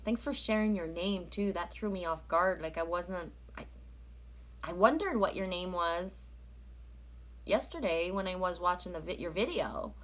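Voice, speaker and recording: A woman's voice: lowish voice, moderate pace, a bit bright. A woman from Canada chatting casually on a live stream, rambling as she reads out viewer comments and oracle cards.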